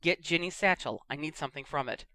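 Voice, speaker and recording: A narrator voicing a grim older wizard who gives quick, curt orders in a fiction audiobook. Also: medium pitch, pushed and bright, no echo, natural voice.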